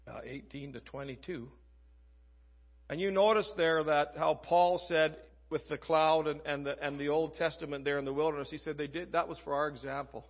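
Guy preaching a sermon, higher voice, kinda husky, chatty, reads scripture aloud, lo-fi sound. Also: moderate pace. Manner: conversational, animated, acts out quoted voices.

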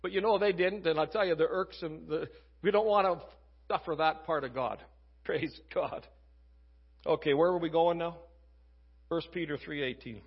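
A man's voice: a little high, normal speed, pauses often, breathy edge, muffled recording. A man preaching a casual, conversational sermon, reading scripture and acting out quoted voices.

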